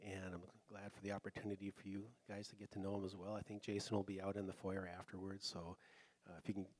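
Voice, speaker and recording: A man on a church missions committee, introducing guest speakers in a relaxed, rambling way with many fillers. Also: sits low, fast talker, breathy edge, dry recording. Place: church sanctuary.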